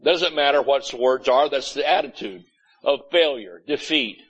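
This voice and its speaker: A man's voice: a little high, big pitch swings, normal speed, pushed and bright, dull audio. A man preaching a sermon as pastor, folksy and blunt, often mimicking complaining churchgoers. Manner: folksy, blunt preaching with mocking quoted voices. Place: church sanctuary.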